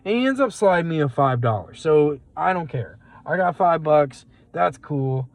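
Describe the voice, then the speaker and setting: A man's voice: fairly high pitch, expressive, normal speed, gravelly, dry recording, low-quality recording. A man who drives rideshare, telling a rambling story in a casual vlog, full of fillers and quoted lines, speaking into a phone in his car. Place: in a car at a gas station.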